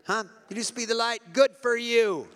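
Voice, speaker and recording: High, bright-voiced fervent male preacher. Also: moderate pace, clear, resonant tone, long reverb tail. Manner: animated, builds to shouted fervor; calls out to the audience for applause. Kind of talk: sermon storytelling to a congregation.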